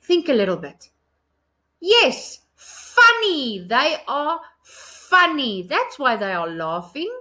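A woman teaching a phonics lesson to small children, with a slow, sing-song, encouraging teacher's way of talking. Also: sits high, big pitch swings, sharp tone. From South Africa. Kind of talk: recorded online lesson for young children.

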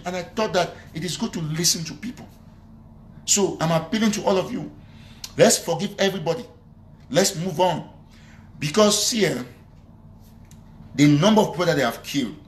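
A man's voice: on the high side, slight background noise. A man making an earnest, pleading appeal for unity during a live show, often repeating himself. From Cameroon. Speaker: activist speaking on a live show.

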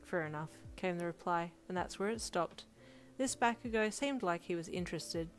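A woman reading a second-person fan fiction story in an even, steady way. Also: on the low side, normal speed. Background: faint music.

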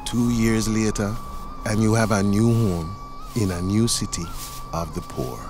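A man's voice: lowish voice, a little slow, over music. A man narrating a scripted story in the second person, in a dramatic storytelling manner.

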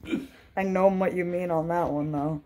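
A woman co-hosting a casual chat, bubbly and quick to laugh, sometimes slipping into a joking valley-girl voice. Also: lowish voice, steady tone, darkish tone, slight background noise. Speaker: podcast co-host.

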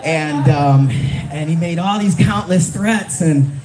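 A man in his twenties telling a story at a live fan event, halting, with many fillers and restarts. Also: fairly high pitch, darkish tone, a little hiss or hum. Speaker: YouTube reseller, cohost. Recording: echoey hall with crowd.

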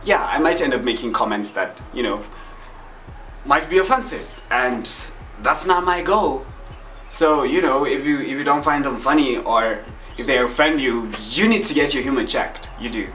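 A man's voice: mid-range voice, normal speed, sharp tone. A man hosting a reaction video, casual, joking and self-deprecating, who swears a lot. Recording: roomy, distant mic with music.

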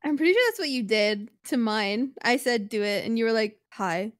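A woman's voice: fairly high pitch, animated, a little fast, no echo, clean studio sound. A woman playing along on a gaming livestream, shy and reluctant but giggly. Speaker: co-player on stream. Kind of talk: casual gaming chat.

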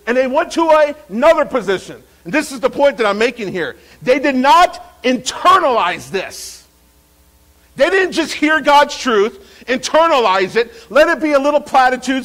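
A man preaching a sermon as pastor, lively and repetitive, with frequent restarts. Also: very high-pitched, poor audio.

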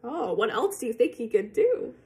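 A woman reading a picture book aloud to children, slow and expressive, pausing to ask her listeners questions. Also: on the high side. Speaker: storybook reader.

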